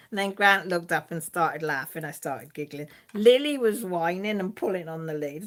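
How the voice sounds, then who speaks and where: A middle-aged woman chats casually on a live stream. She rambles through family stories, full of fillers, laughs and playful voices for her relatives. Her voice sits a little on the low side. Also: animated, normal speed. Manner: rambling, chatty storytelling with frequent fillers. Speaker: channel host.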